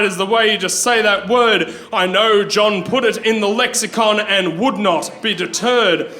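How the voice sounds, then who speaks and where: Bright-voiced Australian man ranting poetry. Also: high voice. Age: young adult. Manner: fast satirical rant in rhyme. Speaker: performance poet. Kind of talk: live rhyming poetry performance. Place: pub stage.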